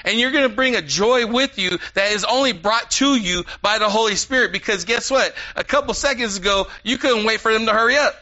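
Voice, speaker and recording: Man preaching, lively and conversational, very bright, forceful voice. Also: sits high, a little fast, few pauses. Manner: animated, conversational preaching with asides. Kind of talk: sermon. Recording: dull lo-fi sound.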